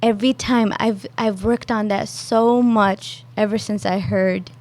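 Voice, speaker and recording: A woman's voice: medium pitch, steady tone, a little mellow. A woman co-hosting a podcast, talking eagerly and emotionally in a casual chat. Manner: emotional, eager, quick bursts. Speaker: podcast co-host.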